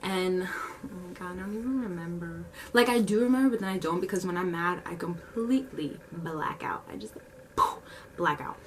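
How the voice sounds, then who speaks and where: A woman's voice: lowish voice, recorded from a distance, slight background noise. A young woman animatedly telling a story in casual, slangy speech. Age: young adult. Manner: animated, slangy, fast retelling.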